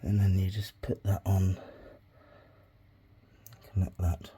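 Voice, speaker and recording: A man's voice: low voice, flat delivery, slow pace, background noise. A man making clay pots as he talks, rambling and swearing freely, often muttering asides under his breath. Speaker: crafting hobby vlogger. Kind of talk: casual crafting tutorial.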